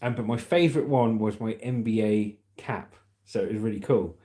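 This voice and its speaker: A man's voice: fairly low pitch, normal speed, warm tone. A British man hosting a casual livestream, chatting and reading out viewer comments in an upbeat way. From Britain. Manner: chatty and upbeat, calls viewers mate and legend. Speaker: livestream host.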